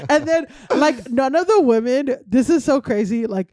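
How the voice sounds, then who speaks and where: Animated high-voiced woman telling stories. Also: normal speed, no room sound, clean studio sound. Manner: animated storytelling, acting out quotes. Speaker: guest comedian. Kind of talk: casual podcast chat.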